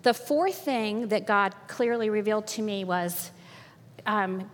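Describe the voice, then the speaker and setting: Speaking slowly at a medium pitch, an older woman delivers a preachy, heartfelt talk backed by slides, her voice trailing long reverb through the hall. She tells stories and laughs as she goes.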